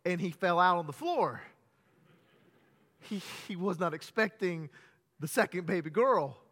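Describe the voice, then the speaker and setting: A man preaching a sermon in a church during a morning service. He repeats words as he builds up, calls his listeners "beloved," and moves between hushed, low passages and loud, raised preaching. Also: animated, a little slow, in a large hall. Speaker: pastor.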